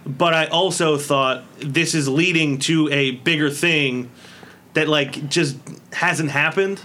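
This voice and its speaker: Male podcast co-host, bright and sharp-toned, easygoing and chatty. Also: fairly high pitch, takes it slowly. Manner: chatty, laughs often. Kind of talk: casual chat.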